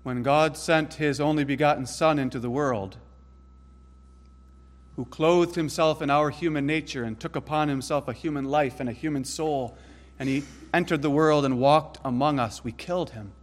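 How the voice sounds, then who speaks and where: Guy preaching a sermon, kinda high voice, earnest, swings loud then quiet. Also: moderate pace. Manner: earnest, rising to emphatic peaks then dropping low and soft.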